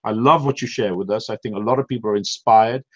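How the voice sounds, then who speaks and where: A man's voice: lowish voice, fast talker, fairly bright tone, muffled recording. A man from the United Kingdom hosting a motivational online team call, effusive and full of praise, emotional and drained. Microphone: online call audio.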